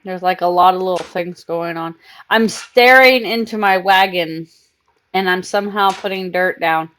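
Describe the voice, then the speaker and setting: A woman's voice: lowish voice, moderate pace, fairly bright tone. Chatty woman streamer cooing at her cat. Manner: coos baby talk to her cat between game chatter. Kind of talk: casual live game-stream chat.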